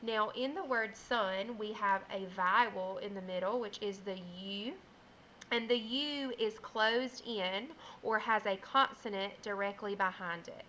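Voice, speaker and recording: A woman teacher giving a first grade phonics lesson, explaining slowly and clearly and sounding out words. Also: medium pitch, bright, forceful tone, a little hiss or hum, low-quality recording.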